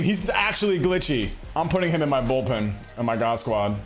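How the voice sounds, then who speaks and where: Young man, gameplay commentary, excitable and slangy, animated voice, soft game music underneath. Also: fairly high pitch, moderate pace, few pauses. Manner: excitable, slangy, swings between hype and mutters. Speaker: gaming streamer.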